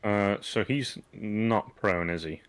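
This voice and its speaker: A man playing a tabletop game, lively and quick to laugh at his own plans. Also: fairly low pitch, clean tone. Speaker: player. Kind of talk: casual tabletop play.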